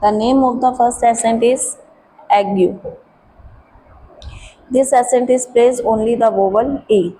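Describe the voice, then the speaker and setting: A woman teaches a French lesson in an unhurried, careful way. Her voice is mellow and a little high, with faint noise in the background. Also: fairly even intonation, rough recording. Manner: slow, careful explaining, switching into Hindi. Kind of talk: classroom lesson.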